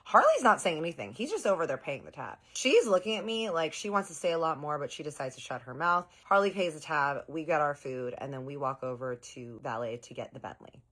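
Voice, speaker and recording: Sassy low-voiced woman. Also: big pitch swings, fairly quick, few pauses, a bit bright. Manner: sassy, gossipy. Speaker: storyteller. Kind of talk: casual storytime narration.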